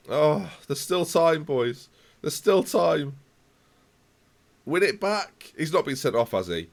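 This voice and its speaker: A young man commentating live on his football management game, reacting loudly to the match and chatting to viewers. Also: a little high, big pitch swings, normal speed.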